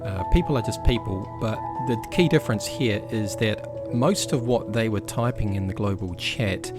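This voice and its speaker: A gaming YouTuber talks over his gameplay with background game music playing. His voice is fairly low and moderately paced, and his commentary is blunt and chatty, with the odd swear word.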